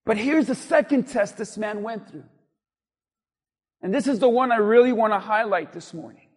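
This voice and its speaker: High-voiced preacher in a reverberant hall. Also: male voice, normal speed. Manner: emphatic, repetitive preaching cadence, rising to near-shouts. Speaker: pastor. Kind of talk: sermon.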